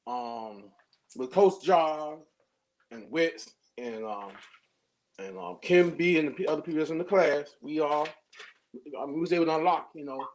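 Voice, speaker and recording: Male poet, high voice, animated storyteller, casual. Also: moderate pace. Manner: animated storyteller, acts out quotes. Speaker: poet, workshop student. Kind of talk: casual chat.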